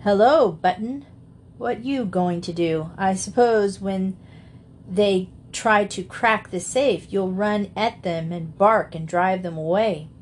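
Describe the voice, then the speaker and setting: A woman's voice: mid-range voice, slow, a little hiss or hum, natural voice. A woman reading the part of a cheerful young man who teases and laughs as he talks, in a storybook reading. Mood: jovial teasing. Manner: jovial, teasing.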